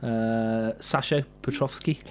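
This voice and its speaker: A man co-hosting a football radio show in quick, laughing banter. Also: medium pitch, fairly even intonation, darkish tone, slight background noise. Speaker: regular radio co-host.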